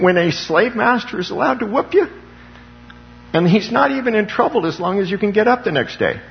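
Fired-up preaching man, slightly high voice. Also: big pitch swings, normal speed, vocal fry, lo-fi sound, slight background noise. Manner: impassioned, calls for amens from the congregation. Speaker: pastor. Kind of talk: sermon.

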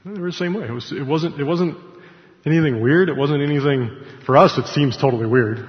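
A man's voice: a little high, fairly quick. A man teaching scripture informally, conversational, with asides and self-corrections. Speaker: Bible study teacher. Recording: echoey hall, dull lo-fi sound.

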